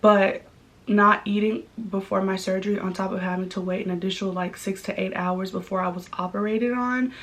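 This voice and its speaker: Young woman, vlogger type, candid conversational storyteller with lots of filler words, mid-pitched. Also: steady tone, a little fast. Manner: chatty and candid, many likes and ums. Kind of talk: casual storytelling vlog.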